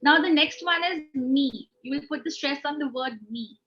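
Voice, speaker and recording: Female tutor, high and bright, patient explainer, heard over a muffled online call. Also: normal speed. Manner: patient, frequent "okay", explains step by step. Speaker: English speaking tutor. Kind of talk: online one-on-one speaking lesson. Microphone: video call.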